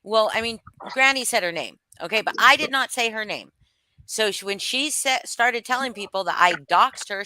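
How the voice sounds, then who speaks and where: Livestream host, woman, forceful bright tone, close dry sound, blunt and profane. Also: on the high side, expressive, normal speed, no echo. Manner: blunt, swearing, greeting chat viewers. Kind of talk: heated livestream commentary.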